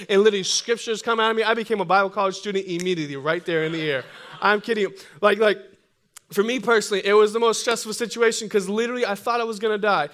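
A young man preaching a sermon, joking and energetic, calling on the congregation to repeat after him. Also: high voice, fast talker. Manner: humorous, energetic, call-and-response with congregation. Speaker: pastor.

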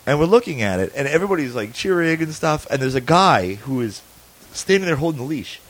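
A podcast host tells a lengthy story in a fairly high, sing-song voice that's fairly quick and a bit bright. The conversation is loose and laughing, with plenty of swearing and restarted sentences.

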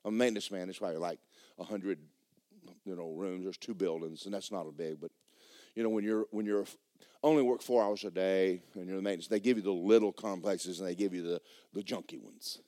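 A man preaching in a church, telling a story and acting out the people in it with sudden loud bursts. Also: fairly quick, no echo, studio quality. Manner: animated, acts out quotes with sudden loud high bursts. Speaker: pastor. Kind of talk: sermon storytelling. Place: church sanctuary.

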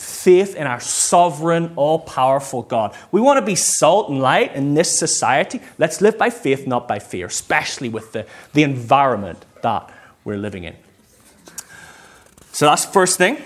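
An animated man in his thirties delivers a sermon as a church pastor and calls out to his congregation for amens. His voice is husky and sits fairly high. His pitch swings widely as he preaches.

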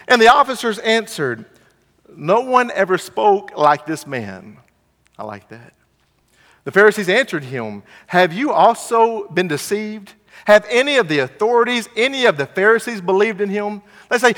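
A man's voice: high-pitched, very animated, unhurried, fairly bright tone, long reverb tail. A man preaching a sermon, earnest and repeating his phrases, reading scripture and acting out the people in it. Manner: earnest, repeats phrases, voices the Pharisees mockingly.

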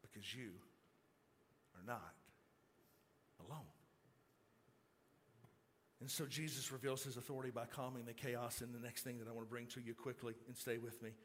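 A middle-aged male pastor delivering a sermon, moving from calm storytelling to loud, excited preaching. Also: medium pitch, fast, few pauses, a little hiss or hum.

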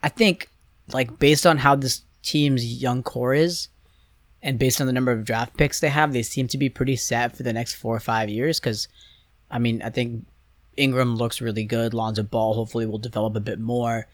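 A man's voice: medium pitch, fairly even intonation, normal speed, dry recording, studio quality. Young man in casual sports banter. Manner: rambling, hesitant, many restarts and fillers. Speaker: podcast co-host.

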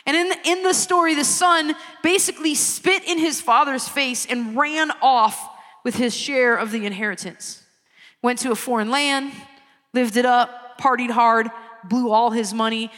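A woman preaching an evangelistic sermon, earnest and pleading, stretching key words out slowly. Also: fairly high pitch, fairly bright tone. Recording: long hall reverb.

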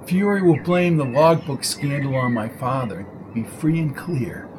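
A man's voice: mid-range voice, expressive, a little slow, background noise, close to an everyday voice. A man reading a crime story, voicing a treacherous son who coldly gives orders to his gunmen. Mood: menacing. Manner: cold, commanding, menacing. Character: treacherous son, cold mob henchman boss.

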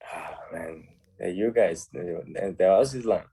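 A man with a Costa Rican accent speaks in a very low, husky voice with a dark, mellow tone. He is a guest on a casual radio interview and talks cheerfully in halting English, often tagging on "man". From Costa Rica. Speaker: guest footballer.

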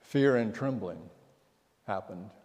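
A pastor delivering a sermon, telling stories and dropping to a hush at the key lines. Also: male voice, on the low side, slow pace. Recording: long church reverb.

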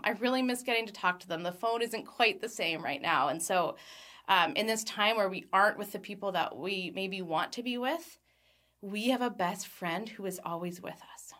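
A woman in her thirties gives an earnest devotional talk, reading scripture aloud. Her voice sits in a middle pitch, and she slows down on key phrases with a light laugh here and there. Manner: earnest, warm, laughs lightly between thoughts. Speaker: Christian speaker.

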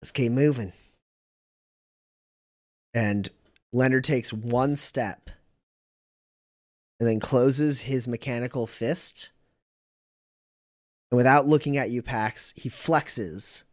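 A man's voice: medium pitch, slow pace, long pauses. A man running a tabletop game as game master, narrating casually with frequent fillers.

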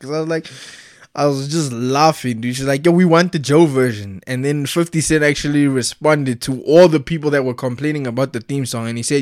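A man chatting casually as a vlogger, excitable and slangy, laughing often. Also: medium pitch, brisk, no echo, clean studio sound. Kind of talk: casual chat.

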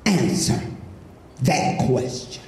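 Stiff, scholarly professor, as a preacher puts him on, slow and formal; echoey room, music under. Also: male voice, sing-song, darkish tone, slight background noise. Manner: lower, measured, formal speech. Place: church sanctuary.

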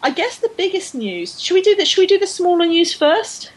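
A woman's voice: very high voice, very animated, brisk, poor audio. A woman co-hosting a casual podcast chat, enthusiastic and full of fillers and restarts. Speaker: podcast co-host. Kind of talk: casual chat about women's cycling.

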